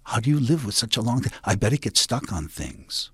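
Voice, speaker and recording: A man voicing a sly, scheming male coyote in a folk tale, speaking low, slow and half-whispered. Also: big pitch swings, a bit bright, husky, no echo, full character voice. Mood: wheedling.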